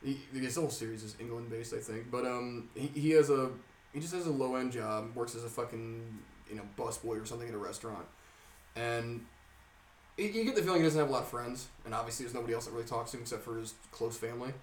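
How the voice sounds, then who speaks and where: A man's voice: mid-range voice, fast talker, recorded from a distance, slight background noise. A young man in loose podcast conversation, recorded from a little way off the mic in a roomy space. He tells a story with lots of swearing and laughter, and his voice sits in the middle range. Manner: animated storyteller, heavy swearing, laughs often. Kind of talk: casual chat.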